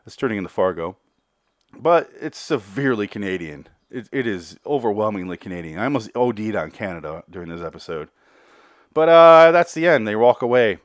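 A man's voice: on the low side, animated, brisk, dry recording, clean studio sound. A man hosting a podcast, giving a rambling, sarcastic and profane review of a cartoon episode in casual chat.

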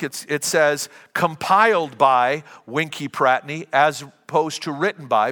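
A man's voice: a little high, pushed and bright, long reverb tail. A middle-aged man preaching a sermon as a pastor, talking in a conversational, anecdotal way and often restarting his sentences.

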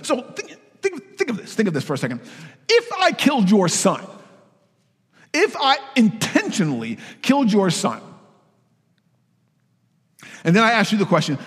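A man preaching a sermon, telling a story with lively, casual asides. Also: high-pitched, moderate pace, long pauses, husky, in a large hall.

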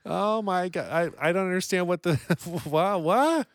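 A man's voice: high-pitched, a little slow, dry recording, clean studio sound. A man co-hosting a podcast, reading listener letters aloud in casual chat and often breaking into giggles. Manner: giggly, playful, breaks into laughter. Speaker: podcast co-host.

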